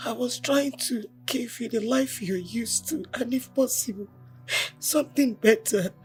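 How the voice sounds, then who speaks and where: An actress playing a remorseful mother who pleads gently with her grown daughter, with a Nigerian English accent. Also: on the high side, soft background music, natural voice. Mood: pleading. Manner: soothing, apologetic, slow. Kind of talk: Nollywood film drama.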